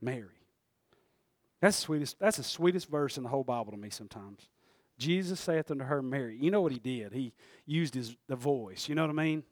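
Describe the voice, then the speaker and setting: A man preaching a folksy, animated sermon that swings between loud and hushed. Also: medium pitch, quick pace, no echo, studio quality. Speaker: pastor.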